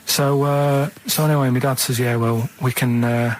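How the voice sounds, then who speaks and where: A man's voice: mid-range voice, fairly even intonation, normal speed, low-quality recording. A man with a Mancunian accent telling a rambling, hesitant anecdote in a radio studio, often tagging sentences with "right?". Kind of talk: rambling anecdote in casual chat.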